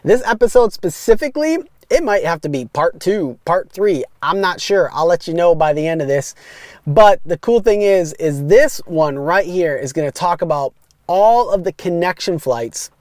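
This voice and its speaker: A man's voice: on the high side, darkish tone, dry recording, clean studio sound. A man in his thirties from Wisconsin, hosting a casual solo podcast in an upbeat, rambling way and talking straight to his listeners. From West Allis, Wisconsin, USA. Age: 30s. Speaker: podcast host.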